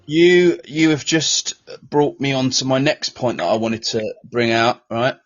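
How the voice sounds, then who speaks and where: A married man co-hosting a casual podcast chat, telling stories in an animated way. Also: mid-range voice, unhurried, lo-fi sound. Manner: animated storytelling, matey. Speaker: podcast co-host.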